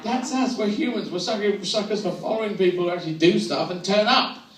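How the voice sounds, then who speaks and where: A man's voice: high-pitched, fast talker. An English man performing a rambling, playful stand-up routine. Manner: rambling, playful, switches into silly voices. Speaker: stand-up comedian. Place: large venue with a laughing crowd. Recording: echoey live recording from far off.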